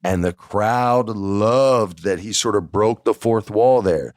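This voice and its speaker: Deep-voiced man telling a casual story. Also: slow, no room sound, studio quality. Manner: chatty, acts out quoted dialogue. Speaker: podcast host. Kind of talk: casual first-person storytelling.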